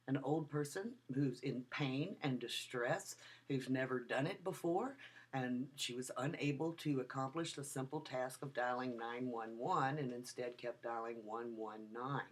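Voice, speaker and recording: A woman with a bass voice delivers a recorded university lecture on video, emphatic and lively, restating her key ideas repeatedly.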